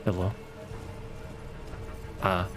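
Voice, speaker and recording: A man giving casual, sarcastic gameplay commentary, muttering and swearing at the game as he plays. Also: extremely slow. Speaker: gaming streamer. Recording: game music behind voice. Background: game music.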